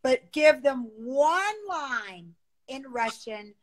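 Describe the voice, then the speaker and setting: A woman's voice: sits high, sing-song, drawn-out words. A woman hosting a casual live stream on a phone, talking in a gushing, effusive way.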